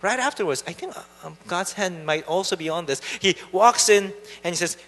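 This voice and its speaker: A male preacher talks through the story in a relaxed, chatty manner, with plenty of fillers. His voice is high and bright for a man, and the church hall gives it a long reverberant tail. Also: moderate pace, few pauses. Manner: casual, chatty retelling with fillers. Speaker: pastor. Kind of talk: sermon.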